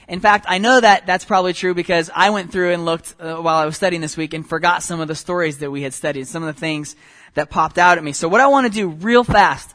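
High-voiced man preaching a sermon. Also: a bit bright. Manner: reads scripture aloud with shifting pace and emphasis; self-correcting, informal asides. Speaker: pastor.

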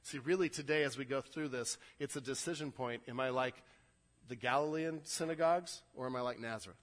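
A man's voice: medium pitch, a little fast. Earnest male pastor in an echoing hall. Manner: earnest, repeats words when building a point. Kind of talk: sermon. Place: church sanctuary. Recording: long hall reverb.

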